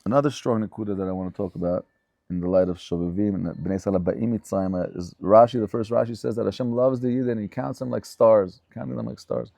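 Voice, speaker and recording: A man's voice: lowish voice, fairly even intonation, quick pace, creaky, mellow, no echo. A man giving a Torah lecture as a rabbi, speaking fervently and emphatically and repeating phrases for stress.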